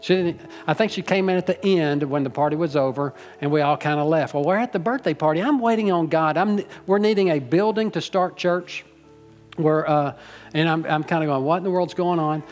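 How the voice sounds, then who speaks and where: A man's voice: fairly high pitch, fairly quick, darkish tone, soft background music. A middle-aged man preaching a sermon to his church, folksy and rambling, teasing the congregation and getting emotional. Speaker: pastor. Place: church sanctuary.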